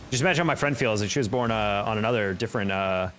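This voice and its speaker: A man's voice: fairly low pitch, very fast, fairly bright tone, slight background noise. A young man streaming a game, chatting casually with his viewers and telling stories with a laugh. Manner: chatty, storytelling, laughs often. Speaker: streamer answering chat. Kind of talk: casual livestream chat while gaming. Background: faint music.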